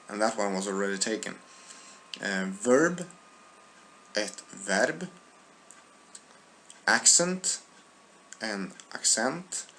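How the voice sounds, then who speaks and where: Slow, low-voiced man teaching vocabulary. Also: fairly bright tone, a little hiss or hum. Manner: deliberate, hesitant with frequent filler sounds, repeats words for learners. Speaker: Swedish language teacher. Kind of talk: online language lesson, reading word lists.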